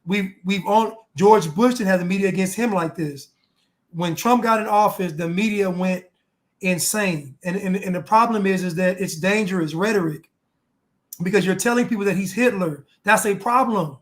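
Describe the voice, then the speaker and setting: High-voiced, heated male co-host. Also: moderate pace. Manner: heated, insistent, repeats his points. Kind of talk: casual political talk.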